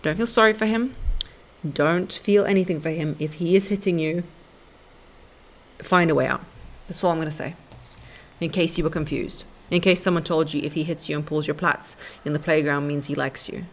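Blunt low-voiced woman podcaster. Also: moderate pace. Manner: blunt, sassy, calls listeners honey and baby. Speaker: podcast host. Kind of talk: casual advice monologue.

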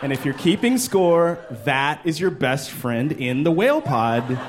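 A man in his thirties performing a stand-up comedy set on a club stage into a handheld mic, animated and jumping into character voices. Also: a little slow, slight background noise. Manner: animated, jumps into high-pitched character voices.

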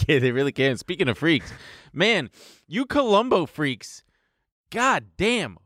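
A man co-hosting a casual comedy podcast, his pitch swinging up and down as he jokes and riffs. He laughs often and swears freely. The sound is dry and close, with no room around it. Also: big pitch swings, slow, fairly bright tone, dry recording. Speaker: podcast co-host.

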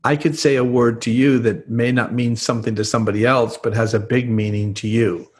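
A man's voice: mid-range voice, steady tone, brisk. Earnest man explaining in an interview. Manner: earnest explaining, acts out quoted lines. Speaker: guest, trauma expert. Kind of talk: podcast interview.

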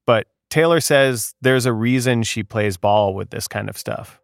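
Male co-host narrator, gravelly lower voice, dry studio sound, measured with pointed asides. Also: dry recording. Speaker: podcast co-host. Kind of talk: scripted narration.

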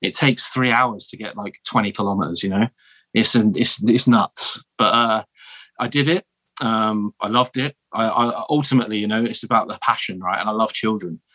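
A man in his thirties from the south of England with a southern English accent, telling stories as a guest in a casual interview, animated and full of restarts. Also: lowish voice, moderate pace, no echo. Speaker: guest, former marine.

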